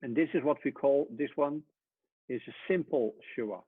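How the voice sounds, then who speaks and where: A man teaching a Hebrew lesson at a whiteboard, explaining step by step and often trailing off softly. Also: medium pitch, moderate pace, slightly rough, no room sound. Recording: tinny phone-like sound.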